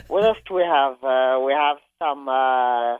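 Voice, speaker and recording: A man's voice: mid-range voice, a little slow, smooth, dry recording. Hesitant man on a tinny phone line. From Australia. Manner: hesitant, many "um"s and repeated words. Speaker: caller. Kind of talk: phone call to a radio show.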